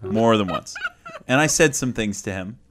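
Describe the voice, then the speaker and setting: A man with a somewhat low voice tells a personal story on a podcast. He talks in an animated, emphatic way and laughs easily as he goes. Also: normal speed, a little hiss or hum. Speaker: podcast host. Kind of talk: casual storytelling chat.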